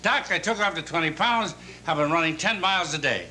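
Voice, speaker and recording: Older New comic, deadpan punchlines. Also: male voice, on the high side, brisk, slight background noise. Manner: punchy deadpan joke delivery. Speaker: stand-up comedian. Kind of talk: rapid one-liner stand-up. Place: television studio stage. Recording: 1970s TV audio with loud music. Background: studio audience laughter and a violin.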